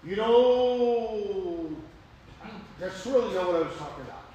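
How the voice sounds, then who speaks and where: High, bright preacher in an echoey room. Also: male voice, a little slow, dull audio, a little hiss or hum. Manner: animated, acts out prayers in a raised voice. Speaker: pastor. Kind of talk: sermon. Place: church sanctuary. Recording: echoey room heard from a distance.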